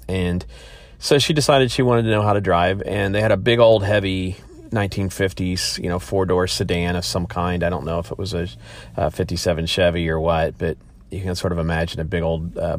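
Low-voiced man musing on a podcast. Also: dry recording. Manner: rambling, thoughtful, many restarts. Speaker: podcast host. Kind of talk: casual monologue.

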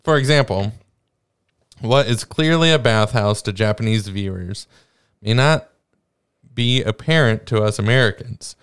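A man on a podcast reading out trivia at an unhurried, drawn-out pace. His voice is smooth and clean, recorded dry and close, and his humor runs wry. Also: on the low side, fairly bright tone, dry recording. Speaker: podcast co-host. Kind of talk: casual chat, sharing trivia.

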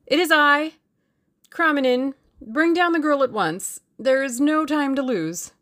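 A woman voicing a panicked man who has betrayed his gang, speaking in a frantic, shrill, urgent voice. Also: lively intonation, moderate pace. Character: panicked Russian man, a traitor in terror.

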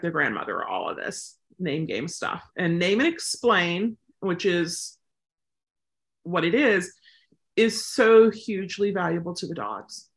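A woman dog trainer giving a casual, chatty lesson, animated and often acting out her examples. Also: medium pitch. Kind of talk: casual teaching talk.

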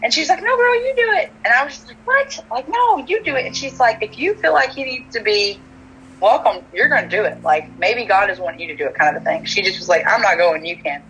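A woman's voice: mid-range voice, fast talker, a little hiss or hum, poor audio. A woman with a Texan accent, telling a personal story in casual chat, full of "like" fillers and quoted dialogue. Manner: chatty, many "like" fillers, animated quoted dialogue.

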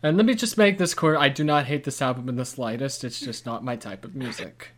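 A man's voice: medium pitch, brisk, a bit bright, slight background noise. A man co-hosting a podcast in casual chat, laid-back and hesitant, with many fillers. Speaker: podcast co-host.

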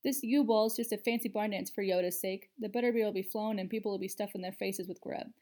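A woman's voice: mid-range voice, steady tone, fast talker, mellow, lightly acted. A woman voicing a scruffy teenage schoolboy wizard who grumbles and swears bluntly, in a storybook reading. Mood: grumbling.

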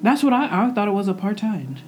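A young adult woman co-hosting a new podcast in casual, chatty conversation, upbeat and quick to laugh. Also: medium pitch, very animated, darkish tone, a little hiss or hum. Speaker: podcast co-host. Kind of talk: casual chat. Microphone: microphone resting on a pillow.

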